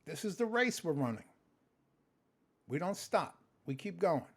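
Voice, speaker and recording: A man talking casually in a late-night vlog, exhausted and sleepy, animated and rambling with plenty of swearing. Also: fairly high pitch, a little slow. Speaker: vlogger, customer service phone agent.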